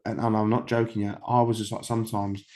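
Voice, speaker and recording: Man in his thirties from the UK, podcast guest, rambling candid storytelling, fillers and swearing, lowish voice. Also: flat delivery, fast, warm tone. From United Kingdom. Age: 30s.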